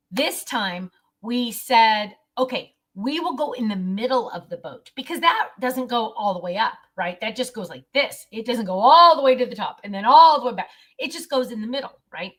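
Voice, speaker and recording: A middle-aged woman shares a family outing straight to camera in a loose, chatty vlog. Her voice sits a little high and rings bright and forward. She keeps slipping into little put-on voices for her relatives and laughing along. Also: expressive, normal speed. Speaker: vlogger. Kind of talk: casual storytelling vlog.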